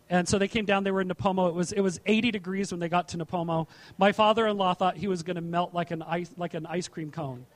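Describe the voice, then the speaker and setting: A middle-aged man, a pastor, preaching a conversational sermon, reading scripture aloud with asides and frequent restarts. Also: high-pitched.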